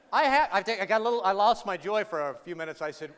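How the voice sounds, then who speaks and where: Rapid-fire and barely pausing, a man in a large hall tells a live audience a humorous story about himself, with sarcasm and self-deprecation, quizzing his listeners throughout. His voice is high, expressive, and fairly bright. The sound is reverberant, with faint ambience behind it.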